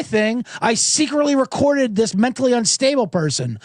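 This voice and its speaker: Middle-aged male host, high lively ranting voice, sarcastic comic monologue, dry close sound. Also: moderate pace, few pauses, dry recording. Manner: sarcastic, animated, swears freely. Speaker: podcast host. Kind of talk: ranting comedic podcast monologue.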